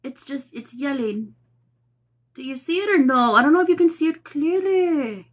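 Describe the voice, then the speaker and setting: A woman host chatting casually to her viewers, telling a story with animated quotes and laughter. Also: high voice, moderate pace. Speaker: tarot channel host.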